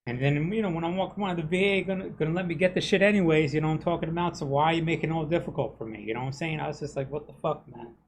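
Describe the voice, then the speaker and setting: A man's voice: on the high side, rapid-fire, hardly any pauses, a little hiss or hum. Man venting profanely on a stream. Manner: profane, heated, keeps asking "you know what I'm saying?". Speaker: game streamer. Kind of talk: casual rant while streaming gameplay.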